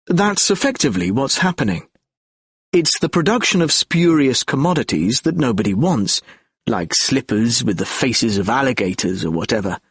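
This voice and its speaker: Husky male audiobook narrator. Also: mid-range voice, no echo, studio quality. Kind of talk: audiobook reading of lecture transcripts.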